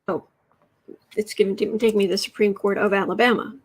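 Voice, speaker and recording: A woman's voice: medium pitch, level tone, brisk, husky. An American woman hosting a casual political livestream, reading headlines aloud and reacting with exasperation. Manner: exasperated, reads headlines aloud, coos to her cat. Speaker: livestream host.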